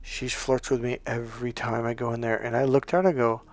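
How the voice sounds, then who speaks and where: A man's voice: mid-range voice, level tone, a little fast, no room sound. A man in his fifties, a dating coach giving a blunt, profane, emphatic motivational monologue. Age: 50s.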